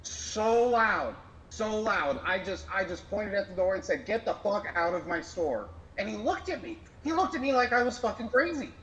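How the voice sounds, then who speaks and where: A man's voice: sits high, animated, moderate pace, fairly bright tone, a little hiss or hum, poor audio. Fired-up man ranting with swearing. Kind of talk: casual chat, heated rant.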